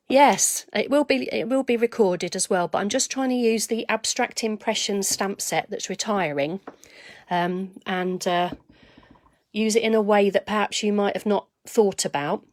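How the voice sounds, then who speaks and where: A woman hosting a live papercraft demonstration, chatting to viewers by name as she stamps and dropping to quiet asides while she works. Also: medium pitch, moderate pace. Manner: chatty, greets viewers by name mid-task.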